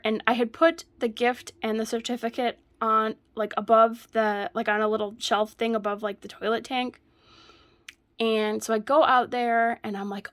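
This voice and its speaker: This woman's voice is fairly bright and on the high side. She's a vlogger crafting at home, casually chatting through a story and frequently breaking into laughter in the middle of sentences.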